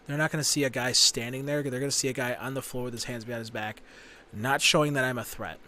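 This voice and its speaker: A man recounts a story on a casual podcast, swearing freely and speaking bluntly. His voice sits at an ordinary pitch. Faint room noise hangs behind him. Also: a bit bright. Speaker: podcast guest.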